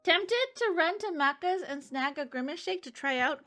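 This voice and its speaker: A young woman streams live, chatting casually with viewers and reading their messages aloud between bursts of giggling. Her voice is high-pitched, expressive and fairly bright at normal speed, with soft music in the background.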